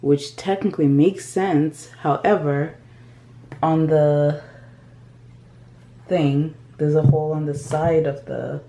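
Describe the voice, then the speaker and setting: A woman's voice: deep voice, steady tone, takes it slowly, long pauses, dark tone, slight background noise. A woman vlogging casually at home, chatty and rambling, with frequent fillers like "like". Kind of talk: casual unboxing vlog. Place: at home, indoors.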